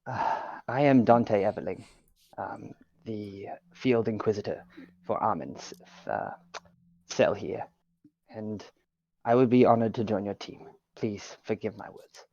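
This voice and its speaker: Man voicing an apologetic, overly formal inquisitor; gravelly, lo-fi. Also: fairly low pitch, unhurried, dark tone, no echo, exaggerated voice. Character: nervous, apologetic male field inquisitor. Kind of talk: tabletop role-play voice. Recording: slightly muffled lo-fi mic.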